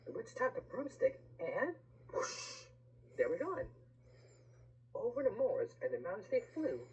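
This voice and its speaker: A woman reads a rhyming picture book aloud, her voice swooping wildly up and down. She pauses for little asides to the listener, over a faint background hum. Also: medium pitch, wildly swooping pitch, darkish tone, poor audio.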